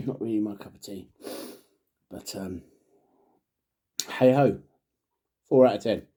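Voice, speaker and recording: A middle-aged father who vlogs drink reviews chats to the camera in a rambling, jokey way as he tries drinks, often muttering and trailing off. His voice is fairly low, animated, slow, dark and husky.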